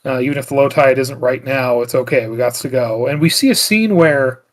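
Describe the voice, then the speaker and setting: A man's voice: medium pitch, brisk. A man co-hosting a podcast, recapping a film in casual chat with lots of filler words and restarts. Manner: rambling plot recap full of "like" fillers. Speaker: podcast co-host.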